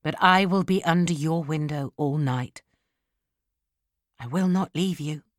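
A woman reading an audiobook and voicing a brooding, heartbroken young man, speaking low and reproachfully. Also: unhurried, no room sound, studio quality. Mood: anguished.

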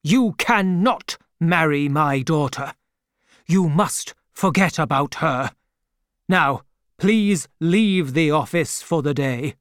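A man voicing a stern older male lawyer who scolds slowly and emphatically in a clear voice. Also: a little high, no echo, clean studio sound. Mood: angry. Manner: slow, emphatic, rising in anger.

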